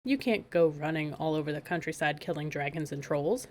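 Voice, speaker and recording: A woman's voice: low-pitched, brisk, close to an everyday voice. A woman playing a cheerful young prince. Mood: easygoing.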